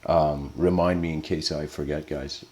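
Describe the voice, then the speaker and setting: A man's voice: rumbling low, fairly even intonation, normal speed, a little mellow. A man giving a casual lecture, rambling and informal with lots of filler words.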